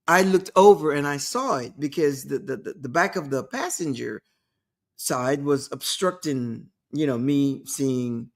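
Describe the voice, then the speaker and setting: A woman hosting a talk show, giving an emphatic motivational monologue and repeating her key points. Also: on the low side.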